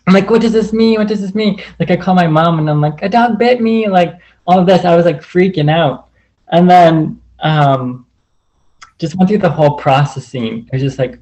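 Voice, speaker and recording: A man's voice: fairly high pitch, a little mellow, low-quality recording. Rambling man on a video call. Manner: rambling, heavy use of "like". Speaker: group call participant. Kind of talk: casual personal story.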